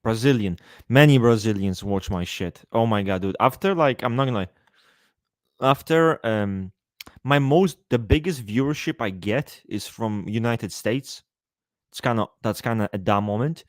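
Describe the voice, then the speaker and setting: A man with a lowish voice hosts a casual livestream at a normal pace, greeting viewers by name and joking around with plenty of swearing. The studio-quality recording has no echo.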